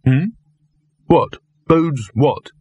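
A man's voice: medium pitch, very slow, darkish tone, husky, dry recording, muffled recording, pitched above the performer's own voice. A man voicing an earnest, anxious young man who asks nervous questions in an audiobook. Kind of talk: audiobook character voice.

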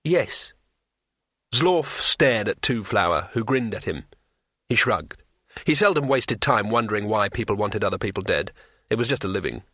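A man reading a fantasy audiobook in a measured, unhurried way. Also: on the low side, lively intonation, pushed and bright, no room sound, studio quality. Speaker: narrator.

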